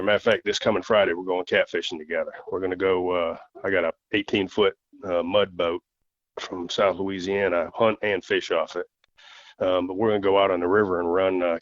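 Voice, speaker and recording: Low-voiced man telling folksy stories. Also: steady tone, dry recording, highs cut off. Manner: folksy, unhurried storyteller. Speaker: guest, coonhound handler. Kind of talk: storytelling in casual interview.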